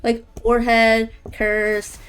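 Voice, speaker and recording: A woman's voice: a little high, completely flat delivery, extremely slow, a bit bright, clean tone, faint music behind. A woman casting a live video game match, chatty and playful, laughing often. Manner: bubbly, giggly, chatty. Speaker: esports caster.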